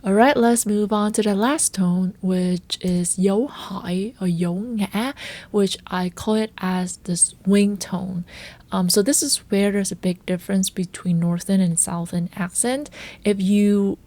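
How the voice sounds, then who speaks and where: Slow, mellow-voiced woman teaching. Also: medium pitch, fairly even intonation. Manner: slow, careful, repeats example words to model pronunciation. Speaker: language teacher. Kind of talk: language lesson.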